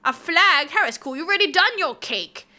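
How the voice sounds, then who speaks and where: Bright, lively young woman streamer. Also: extremely high pitch, normal speed. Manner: playful, chatty, talks to chat while drawing. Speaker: VTuber streamer. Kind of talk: casual live-stream chat.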